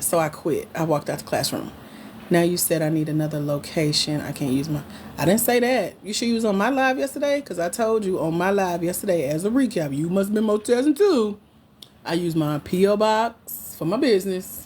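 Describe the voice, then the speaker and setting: A woman hosting a casual livestream, she teases and scolds her viewers in a playful way. Her pitch swings widely as she talks, and she speaks. Faint noise sits under the voice. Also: a little mellow. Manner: playful, teasing, talks back to chat comments. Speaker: grant coach hosting a livestream.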